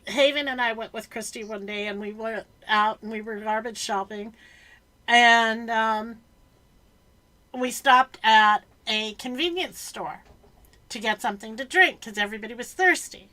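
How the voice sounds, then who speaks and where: A woman's voice: a little high, a little slow, bright, forceful tone. A woman hosting a casual chat, telling a story with plenty of ums as she goes. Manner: chatty storyteller, filler-heavy. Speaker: podcast host.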